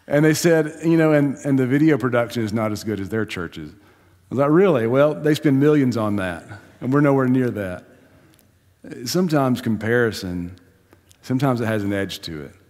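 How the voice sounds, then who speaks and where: A man's voice: mid-range voice, lively intonation, moderate pace, darkish tone. A pastor giving a sermon in a conversational, storytelling manner, laughing and building emphasis as he goes. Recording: long hall reverb in church.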